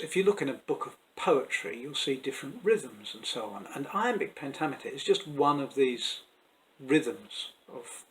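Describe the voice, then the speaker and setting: A man from England, an actor who teaches Shakespeare, talks through verse rhythm in a chatty, unscripted way. He stumbles and restarts now and then, and says the beats softly as he taps them out. His pitch sits in a middle range for a man. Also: low-quality recording. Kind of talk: friendly explanatory talk to camera.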